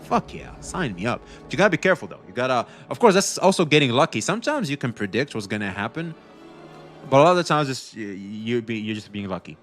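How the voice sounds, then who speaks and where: A man's voice: medium pitch, very animated, quick pace, fairly bright tone, faint music behind. A young man streaming, chatting casually and rambling with frequent restarts, swearing freely. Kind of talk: casual livestream chat.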